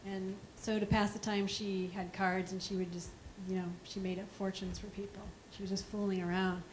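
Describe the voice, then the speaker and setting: Woman, mid pitch, relaxed anecdote-teller at a Q&A; faint room noise. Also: normal speed, poor audio. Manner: laughs through her stories, relaxed. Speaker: panelist at a premiere Q&A. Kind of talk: casual anecdote on a panel. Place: venue at a film premiere.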